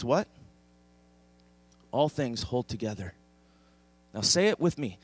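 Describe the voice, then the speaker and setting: A man's voice: on the high side, moderate pace, long pauses, a bit bright, dry recording. A man preaching a sermon as pastor, emphatic and leading the congregation in repeating a verse. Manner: emphatic, leads congregation in call-and-response. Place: church sanctuary.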